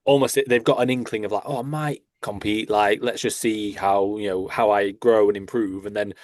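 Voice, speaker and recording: A man's voice: on the low side, fairly even intonation, normal speed, a little mellow, no room sound, clean studio sound. Laid-back male coach, lots of fillers. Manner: rambling, swears casually, many "like" fillers. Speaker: physique coach, podcast co-host. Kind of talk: casual chat.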